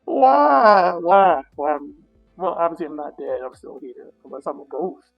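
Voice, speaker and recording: A woman guest telling a story in casual talk, animated and profane, acting out her own reactions. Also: low voice, fast talker, husky, muffled recording, soft background music. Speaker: interview guest.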